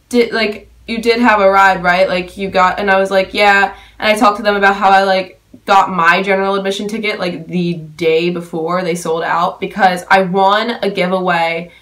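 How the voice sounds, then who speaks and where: A woman's voice: mid-range voice, a bit bright. A young woman vlogging a story time, gushing and breathless, with lots of "like" fillers. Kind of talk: excited story-time vlog.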